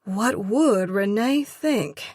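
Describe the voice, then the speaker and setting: A woman voicing the heroine of a romantic audiobook, a spirited young woman who answers in clipped, sharp retorts. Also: medium pitch, unhurried, no echo, studio quality, voice pushed up, lightly acted. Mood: defensive.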